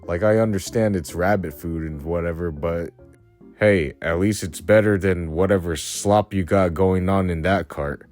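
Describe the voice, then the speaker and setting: A man's voice: low-pitched, moderate pace, darkish tone. A young man ranting casually in a blunt, crude, slang-heavy way, mocking as he goes. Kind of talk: casual rant to camera. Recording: faint music behind.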